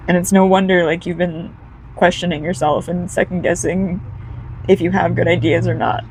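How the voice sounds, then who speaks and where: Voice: medium pitch, level tone, normal speed, a little hiss or hum, poor audio. A card reader giving a casual, heartfelt pick-a-card energy reading, talking straight to the viewer.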